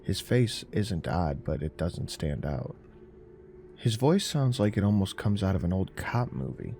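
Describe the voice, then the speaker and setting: A man narrating a horror story in a slow, measured, deadpan way. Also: low voice, vocal fry. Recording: narration over faint music.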